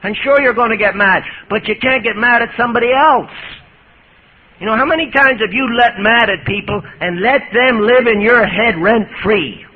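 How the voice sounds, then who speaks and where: A male priest giving a lively, folksy talk on recovery to an audience, recorded on an old 1980s tape. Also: very high-pitched, moderate pace, breathy edge. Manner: lively, folksy, jokey storyteller. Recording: muffled 1980s tape with hiss.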